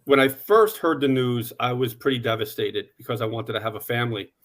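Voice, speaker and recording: A man in his forties telling his personal story on a panel in a steady, plain way, with some "uh" fillers. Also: medium pitch, brisk. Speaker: conference panelist.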